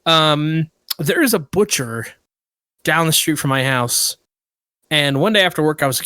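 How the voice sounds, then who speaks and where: A man's voice: a little high, normal speed, dry recording. A man co-hosting a podcast, telling a story in casual chat and getting worked up and indignant. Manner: animated storyteller who gets worked up and indignant. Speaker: podcast co-host.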